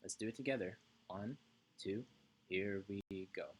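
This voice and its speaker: A man's voice: fairly low pitch, a little slow, husky. A male music teacher giving an online lesson to young children, chanting rhythm syllables and checking in often with "right?".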